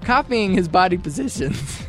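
A man's voice: high voice, very animated, over music. A man hosting a casual comedy news show, reading stories and joking along. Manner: playful, quick to laugh, reading stories aloud.

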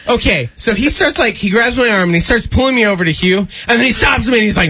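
A man's voice: sits high, normal speed, breathy edge. A man in his thirties telling a story in casual chat and acting out the voices of the people in it. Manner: animated, acts out voices in anecdotes.

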